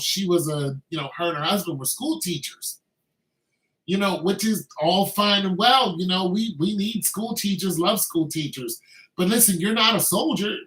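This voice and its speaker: A man's voice: high-pitched, fairly bright tone, reverberant, poor audio. A man, an army veteran, speaking in a casual commentary monologue, loose and conversational with many filler phrases. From Braddock, Pennsylvania.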